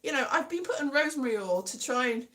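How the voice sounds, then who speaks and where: A woman's voice: sits high, lively intonation, fast talker, a bit bright. A woman in her thirties chatting casually to viewers, rambling and self-mocking, drifting into sing-song now and then. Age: 30s. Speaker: livestream host. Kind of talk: casual chat reading viewer comments.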